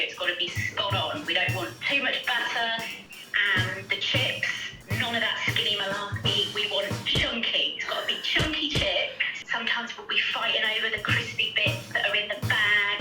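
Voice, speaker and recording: An English woman, a food editor, chatting casually and quickly on a call with the host. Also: mid-range voice, roomy sound, low-quality recording. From England.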